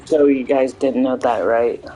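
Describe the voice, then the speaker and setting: A man's voice: mid-range voice, steady tone, measured pace, dark tone, a little hiss or hum, rough recording. A man streaming a game live, chatting casually and rambling to his viewers and friends. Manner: rambling, talks to chat and friends. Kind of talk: casual gaming stream chat.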